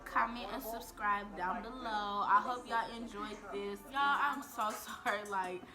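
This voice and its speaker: A woman's voice: mid-range voice, measured pace. A young woman telling a candid, profane storytime to her viewers, chatting straight to them as y'all. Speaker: vlogger. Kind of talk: casual storytime. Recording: music playing clearly behind.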